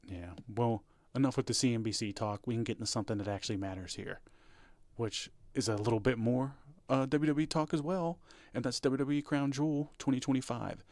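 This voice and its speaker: A man's voice: medium pitch, brisk, darkish tone, dry recording. A man co-hosting a podcast, talking casually and rambling, with restarts and fillers. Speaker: podcast co-host. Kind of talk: casual chat.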